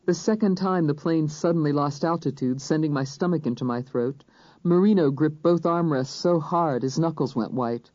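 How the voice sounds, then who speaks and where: Measured, mellow audiobook narrator. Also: medium pitch, no room sound. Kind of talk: first-person scripted narration. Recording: dull, dry studio recording.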